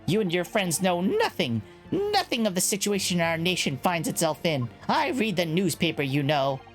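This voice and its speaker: A man voicing a pompous, blustering male official who shouts in anger at a young lawyer. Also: high voice, big pitch swings, normal speed, soft background music. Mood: furious. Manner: shouting, indignant.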